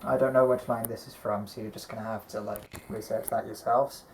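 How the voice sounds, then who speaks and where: A man's voice: on the low side, steady tone, brisk, crowd noise, low-quality recording. A man chatting casually at home about his collection, rambling with lots of ums and frequent swearing. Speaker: doll collector and co-host. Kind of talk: casual chat showing a collection.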